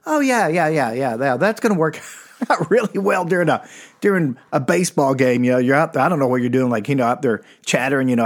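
A man from Texas doing stand-up storytelling, animated and chuckling, who jumps into high mocking voices. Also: fast talker. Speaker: stand-up comedian.

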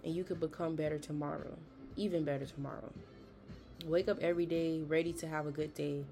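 Young female podcast host, deep-pitched, emphatic and chatty, over soft background music. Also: steady tone, brisk. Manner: chatty, emphatic, conversational slang. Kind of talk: casual motivational talk.

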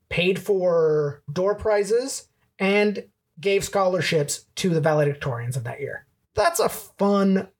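A man hosting a casual movie podcast, quick and joking as he runs through trivia. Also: fairly high pitch, darkish tone, slightly rough. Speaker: podcast host.

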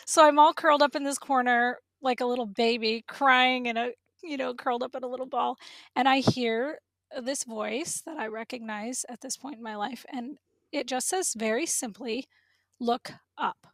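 A woman telling a personal story as a podcast guest, animated and emotional, laughing now and then. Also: a little high, normal speed, no room sound, studio quality.

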